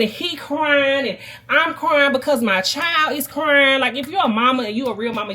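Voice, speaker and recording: A young woman, telling a long casual story to her viewers and addressing them warmly as baby and y'all. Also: on the high side. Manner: chatty, animated storyteller who keeps calling the viewers "baby" and "y'all". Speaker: vlogger.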